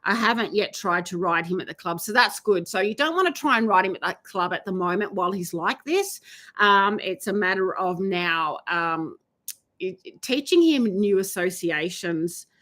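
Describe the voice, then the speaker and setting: A woman horse trainer giving advice in a live Q&A, talking with many ums and pauses. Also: medium pitch, animated, fairly bright tone. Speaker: horse trainer answering viewer questions. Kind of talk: live Q&A chat.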